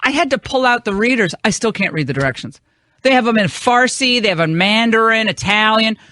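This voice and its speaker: A middle-aged woman hosting a radio talk show, bantering in a casual, animated, joking way and acting out quoted voices. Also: a little high, a little fast. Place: radio studio.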